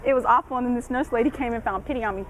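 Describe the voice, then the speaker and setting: A young woman talks through college dorm tips in a loose, chatty way and laughs often. Her voice sits a little high for a woman. A faint hum of room noise runs under her. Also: racing, poor audio. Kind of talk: casual advice vlog.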